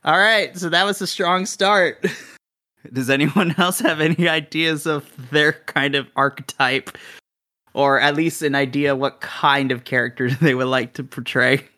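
A man leading a tabletop game session as game master, bright-voiced and openly enthusiastic. He laughs often while he guides the players through building their characters. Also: a little high, steady tone, a little slow.

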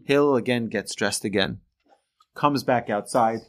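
A man teaching a religious lesson through earnest, animated storytelling. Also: mid-range voice, measured pace.

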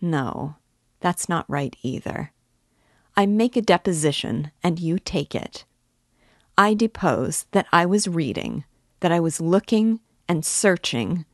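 A woman reading the part of a feverish, mocking young male student who taunts and then speaks in a hushed, intense way. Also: fairly low pitch, lively intonation, slow pace, no room sound, clean studio sound. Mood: teasing.

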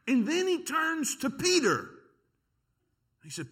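A pastor preaching a sermon, telling a story with lively energy and quick repeated words. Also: male voice, extremely high pitch. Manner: storytelling, animated, repeats words when excited.

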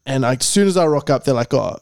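A man's voice: mid-range voice, expressive, quick pace, creaky, a little mellow, clear, resonant tone, no room sound, clean studio sound. A man co-hosting a podcast, telling a rambling, sweary story in casual chat. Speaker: podcast co-host.

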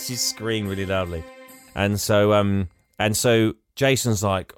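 A man's voice: fairly low pitch, fairly even intonation, unhurried, soft background music. A man co-hosting a casual podcast, retelling a film's story and acting out its lines with frequent laughs. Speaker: podcast co-host retelling a film. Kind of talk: casual chat.

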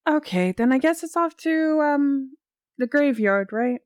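A woman's voice: sits high, expressive, a little slow, a little mellow, no echo, studio quality. A woman playing a tabletop game with wry, teasing remarks and some stammering. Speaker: player.

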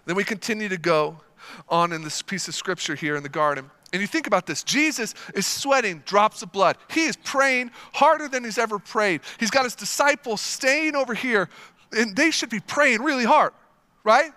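A man preaching a sermon as a pastor. He is animated and emphatic, tells stories vividly and repeats words to stress a point. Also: sits high, normal speed. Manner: animated and emphatic, with lively storytelling.

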